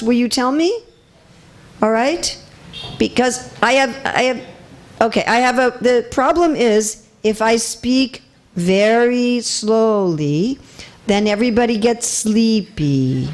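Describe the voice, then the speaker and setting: A woman giving a religious lecture to a live audience in a temple hall, chatty and teasing, often checking that listeners follow. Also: on the high side. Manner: light teasing humor. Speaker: visiting speaker.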